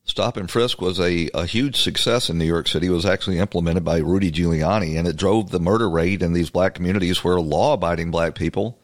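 A man's voice: deep voice, a little fast, few pauses. A man hosting a podcast, giving a conversational political commentary monologue, emphatic and full of restarts. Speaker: podcast host.

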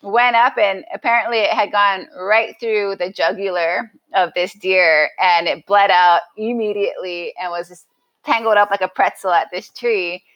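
A woman's voice: medium pitch, lo-fi sound. A woman sits in as a podcast guest and tells a story in an easy, chatty way. She restarts her sentences often and acts out what people said, her voice bouncing with animation. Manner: animated, lots of restarts and acted-out quotes. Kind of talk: casual storytelling.

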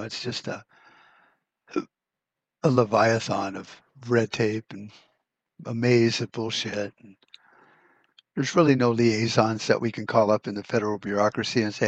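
A man's voice: medium pitch, steady tone, fairly quick, dry recording, highs cut off. A man hosting a prepper podcast, talking in a blunt, profane, rambling way with many restarts. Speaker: podcast host. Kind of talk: casual rant podcast.

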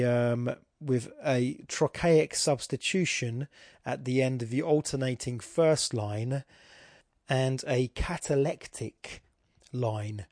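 A man's voice: medium pitch, a little mellow, dry recording. Rambling man with a dry close mic. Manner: rambling and self-deprecating, many restarts. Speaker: podcast host. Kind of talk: casual poetry analysis.

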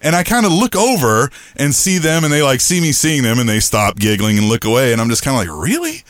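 A middle-aged man with a booming voice, co-hosting a podcast and telling a story in casual chat, acting out quoted lines in a raised pitch. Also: quick pace, a bit bright, no room sound. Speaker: podcast co-host.

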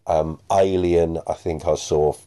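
A man's voice: deep voice, steady tone, a little slow, mellow. A man hosting a podcast, chatting casually and a bit self-deprecatingly about listener messages. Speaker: podcast host.

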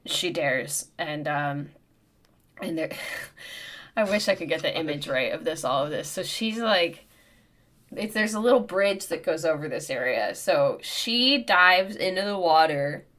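A woman in her thirties co-hosting a podcast, telling a comic story in an animated, profane way. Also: sits low, measured pace. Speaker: podcast co-host. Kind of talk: casual storytelling chat.

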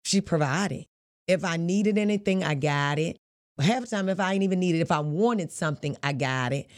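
A woman's voice: lowish voice, lively intonation, normal speed. A woman, a boxer as guest, telling her life story frankly in casual, vernacular speech. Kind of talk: candid interview storytelling.

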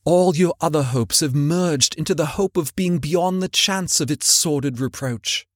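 A man voicing a gentle, sorrowful young woman. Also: on the high side, a little slow, no room sound, studio quality. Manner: soft, gentle pleading. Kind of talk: audiobook reading.

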